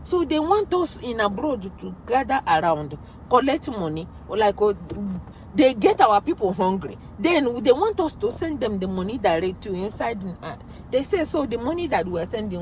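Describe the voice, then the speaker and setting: Impassioned Nigerian woman, lively ranting voice. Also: on the high side, background noise. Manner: emphatic, ranting, loud outbursts. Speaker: vlogger commenting on news. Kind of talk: impassioned commentary vlog.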